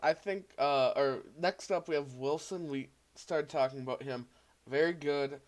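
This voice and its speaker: A man's voice: on the high side, a little slow. A man co-hosting a casual fantasy football chat, easygoing and moving things to the next topic. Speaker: co-host on a stream.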